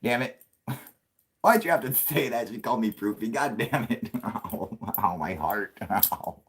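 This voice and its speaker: A man's voice: on the low side, expressive, a little slow, slightly rough. A man hosting a casual late-night livestream, talking in a rambling, profane way and laughing often. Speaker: livestream host.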